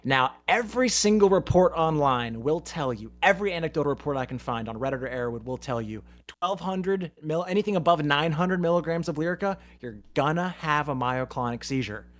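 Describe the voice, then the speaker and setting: A man's voice: fairly high pitch, fairly quick, few pauses, a bit bright. A man hosting a podcast, telling long, profane anecdotes in casual chat. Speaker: podcast host. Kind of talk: casual storytelling.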